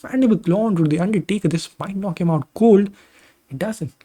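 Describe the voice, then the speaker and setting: A man's voice: sits high, fairly quick, dark tone. A man casually commentating video game wrestling matches, rambling off into tangents and personal asides between the calls. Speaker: gaming channel host commentating simulated matches.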